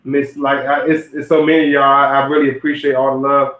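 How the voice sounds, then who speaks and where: A man's voice: medium pitch, level tone, fairly quick. A young man hosting a livestream, giving rambling zodiac relationship advice and talking straight to his chat. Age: young adult. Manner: rambling, repeats and restarts phrases, addresses chat directly. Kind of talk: casual livestream talk to viewers. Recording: roomy, phone-like lo-fi audio.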